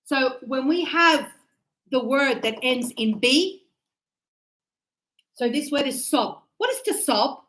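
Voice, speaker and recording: A woman teaching English pronunciation to a class, animated, acting out examples and checking often that everyone understands. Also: sits high, takes it slowly, pauses often, rough recording.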